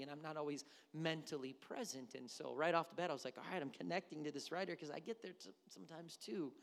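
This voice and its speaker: A male pastor preaching a sermon, telling stories with humorous asides in an animated way. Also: on the high side, long reverb tail. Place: church sanctuary.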